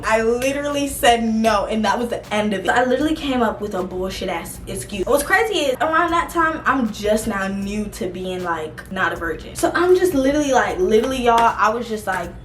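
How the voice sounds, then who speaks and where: A woman's voice: on the high side, animated, moderate pace, recorded from a distance. A young woman telling a personal storytime in a casual, blunt and profane way, laughing as she goes. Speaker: vlogger. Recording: roomy sound from off the mic with faint music.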